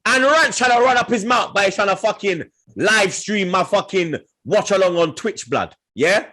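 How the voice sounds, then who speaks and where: A young man throws heated football banter at rival fans, shouting and laughing. His voice sits very high with a bright, forceful edge and a husky grain, and it swings in lively leaps. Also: moderate pace. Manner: trash-talking, shouty, laughing. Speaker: football podcast host.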